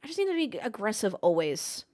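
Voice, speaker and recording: A woman's voice: mid-range voice, big pitch swings, fairly quick, darkish tone. A woman streaming a race watchalong, talking casually into a desk mic. She jokes around and answers her live chat in a playful, chatty way.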